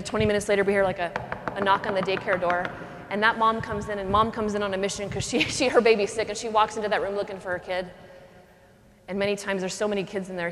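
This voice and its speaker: A woman's voice: mid-range voice, slight background noise. Earnest woman preaching in a reverberant hall. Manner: earnest, animated storyteller who drops to a soft voice for tender moments. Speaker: religious sister giving a talk. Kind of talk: preaching talk with personal story.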